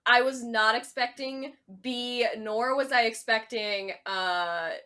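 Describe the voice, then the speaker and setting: A woman co-hosting a podcast, chatty and excitable in casual talk. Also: fairly high pitch, slow. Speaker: podcast co-host. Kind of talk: casual chat.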